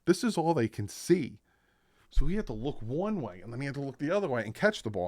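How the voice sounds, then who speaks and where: A young adult man hosting a casual sports reaction, telling the story in an animated way and acting out what people said. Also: mid-range voice, fast, no room sound. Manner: animated storytelling, acts out quotes.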